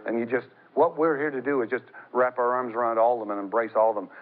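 A middle-aged man preaching a sermon, telling stories in an animated way that climbs high as he gets excited. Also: fast. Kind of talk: sermon with storytelling. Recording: tinny phone-like broadcast sound.

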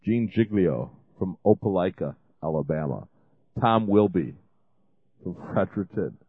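A man's voice: low voice, expressive, measured pace, no echo. A man hosting a ministry show, making a rambling fundraising appeal full of restarts and fillers. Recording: dry, phone-like lo-fi sound.

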